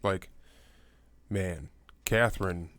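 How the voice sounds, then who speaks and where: Laid-back low-voiced podcast guy. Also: very slow, fairly bright tone, dry recording. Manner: loose and rambling, many fillers, breaks into high mocking voices. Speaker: podcast co-host. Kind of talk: casual true-crime podcast chat.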